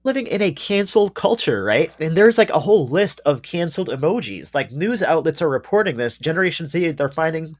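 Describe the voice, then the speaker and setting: A man co-hosting a podcast, haltingly reading out news items in casual chat. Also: on the high side, sing-song. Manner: hesitant, lots of fillers, reading news items. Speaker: podcast co-host.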